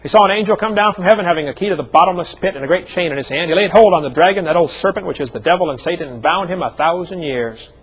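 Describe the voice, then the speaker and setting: Man preaching, husky voice, slightly high, folksy storyteller with jokes. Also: fast, hardly any pauses, low-quality recording. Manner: folksy storytelling with joking asides. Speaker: evangelist speaker. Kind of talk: seminar sermon with personal stories.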